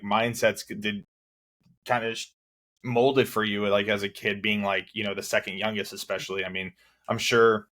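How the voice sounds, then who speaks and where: A man's voice: fairly low pitch, a bit bright. A man hosting a casual interview podcast, asking long, rambling questions. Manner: rambling questions full of fillers and restarts. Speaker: podcast host.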